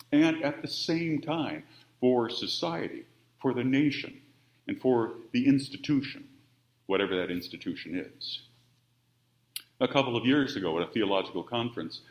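A man preaching a sermon, by turns emphatic and quiet. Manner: expressive, with wide swings of pitch and volume. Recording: roomy, dull-sounding church audio.

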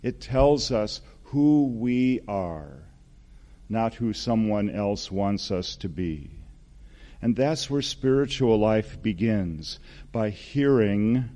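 A man in his sixties, a pastor preaching a gentle, earnest sermon. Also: lowish voice. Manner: slow, gentle, earnest preaching with soft spoken quotes.

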